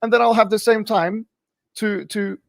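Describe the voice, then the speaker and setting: A man's voice: high-pitched, steady tone, normal speed, creaky, no room sound. A man in a heated debate, talking over his opponent in an insistent way and repeating himself to take the floor. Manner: insistent, repeats "look" to interrupt.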